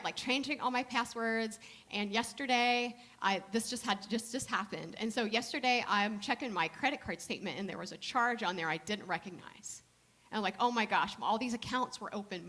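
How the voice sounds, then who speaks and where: A woman minister preaching a sermon in a conversational, storytelling way, slowing down softly to stress her points. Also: medium pitch. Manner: conversational storytelling with slow soft emphasis.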